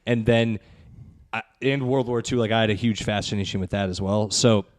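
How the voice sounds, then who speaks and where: A man's voice: on the low side, fairly even intonation, a little fast. A man who is a guest comedian on a podcast, telling stories in a laid-back, casual way.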